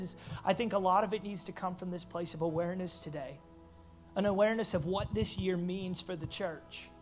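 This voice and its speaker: A man preaching as a pastor, animated and building to loud, emphatic peaks. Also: high-pitched. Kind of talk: sermon.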